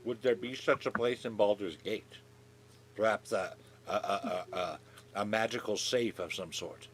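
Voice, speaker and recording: A man playing a tabletop game, hesitant and quick to laugh. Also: on the low side, a little hiss or hum. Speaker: player. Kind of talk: casual chat at a tabletop game.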